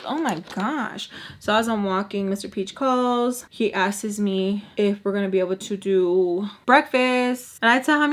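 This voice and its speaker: A young woman casually retelling a personal story for her vlog, animated and swearing freely. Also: medium pitch, normal speed. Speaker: vlogger.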